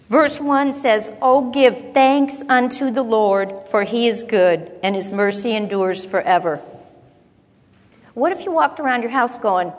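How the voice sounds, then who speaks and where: A woman preaching a sermon, repeating phrases for emphasis and acting out low muttering. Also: takes it slowly, pauses often. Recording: long hall reverb.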